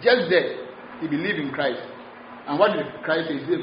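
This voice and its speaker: A man preaching a sermon in a gentle way, often repeating his words and switching between English and Twi. His is Twi. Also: fairly high pitch, animated, normal speed. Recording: muffled, roomy recording with faint noise.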